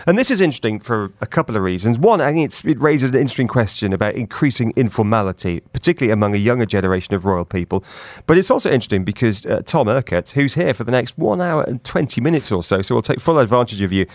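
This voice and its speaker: A man's voice: mid-range voice, very animated, fast talker, no room sound. A man hosting a breakfast radio show, chatting casually and laughing easily. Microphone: studio mic.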